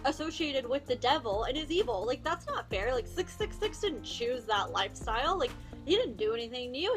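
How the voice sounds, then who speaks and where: A woman's voice: high-pitched, very animated, brisk. A young woman vlogger telling a storytime in a chatty, sarcastic way, full of "like", with faint music behind. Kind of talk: casual storytime.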